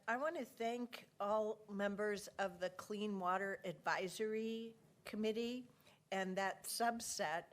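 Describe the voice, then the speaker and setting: A woman with a cough chairing a public board meeting, courteous and procedural. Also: mid-range voice. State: has a cough.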